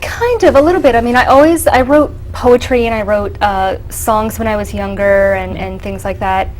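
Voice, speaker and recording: A young adult woman, an actress, chatting casually in an interview, animated and full of fillers. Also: mid-range voice, moderate pace, faint music behind, low-quality recording. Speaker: actress guest.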